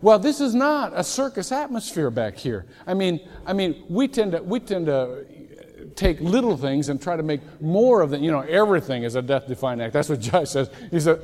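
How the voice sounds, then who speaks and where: A male pastor preaches in a relaxed, conversational manner, his pitch swinging widely as he tells stories. His voice sits a bit high for a man. A long church-hall echo trails every phrase. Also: normal speed. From Ohio, USA. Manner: conversational storytelling with sudden loud shouted impressions. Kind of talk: sermon. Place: large church sanctuary.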